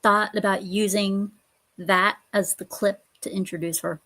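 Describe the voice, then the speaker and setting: A woman's voice: medium pitch, steady tone, unhurried, bright, forceful tone. A woman appearing as a guest on a casual podcast, making dry, teasing remarks.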